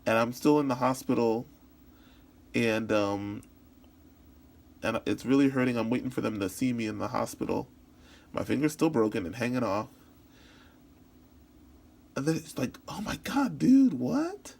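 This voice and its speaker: A man voices a signed story into spoken English as interpreting practice, telling it in the first person. His voice is gravelly with vocal fry. His delivery is halting, full of restarts and repeated words. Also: mid-range voice, a little mellow. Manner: halting, with frequent restarts and repetitions.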